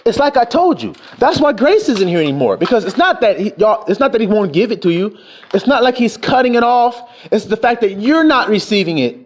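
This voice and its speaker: High, swooping, cursing street preacher man. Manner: confrontational, scolding, cursing. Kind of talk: profane street sermon.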